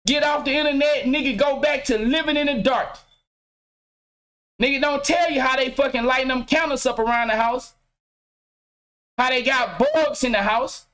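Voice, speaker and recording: High-pitched man ranting bluntly. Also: fairly bright tone. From Mississippi. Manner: blunt, preachy, swearing freely, talks to his chat. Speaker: vlogger. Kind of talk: casual profane rant to camera. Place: game room at home.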